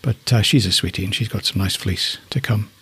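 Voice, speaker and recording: Middle-aged farmer type from northeast England, low and a bit breathy, chatty and affectionate, in a dry, close sound. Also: male voice, fairly quick, fairly bright tone, no echo. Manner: chatty and affectionate, thinking aloud. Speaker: alpaca keeper. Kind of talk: casual spoken commentary.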